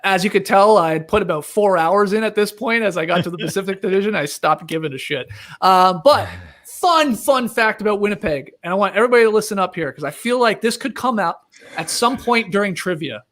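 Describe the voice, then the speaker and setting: A man's voice: high-pitched, fairly quick, a bit bright. A man hosting a casual sports chat, joking and reeling off trivia. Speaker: podcast host.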